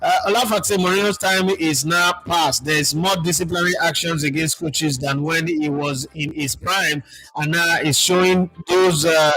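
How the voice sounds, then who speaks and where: A man's voice: on the high side, a bit bright, poor audio. A man with a Nigerian accent hosting a casual football stream, chatting and reading out viewer comments. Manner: chatty, mixes Pidgin with English, reads out viewer comments. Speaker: football show host. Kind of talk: casual live-stream chat.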